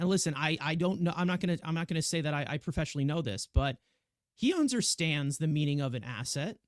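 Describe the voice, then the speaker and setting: A man co-hosting a casual sports podcast, animated and rambling with many restarts. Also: on the high side, no room sound, studio quality. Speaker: podcast co-host.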